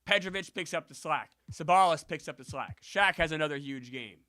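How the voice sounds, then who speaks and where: A man streaming a basketball video game, chatting and bursting into loud yelled celebrations, sometimes out of breath. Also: on the high side, normal speed, no echo. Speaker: gaming streamer. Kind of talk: excitable gameplay commentary.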